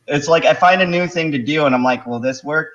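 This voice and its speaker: A man's voice: on the high side, bright, forceful tone, muffled recording. A man hosting a casual online chat show, loose and joking, laughing often between remarks. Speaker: host.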